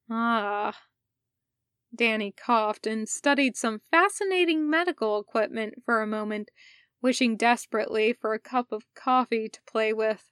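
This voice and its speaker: A woman narrating a fan fiction story as a home-made audiobook. She reads slowly and steadily, in a voice pitched a little high. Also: fairly bright tone, clear, resonant tone, no room sound, studio quality. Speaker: podfic reader.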